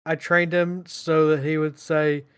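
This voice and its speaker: Guy cohosting a chill podcast, kinda high voice, rambly and laughy. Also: flat delivery, a little slow, clean tone. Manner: rambling, laughs at own stories. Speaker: podcast co-host. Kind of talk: casual chat.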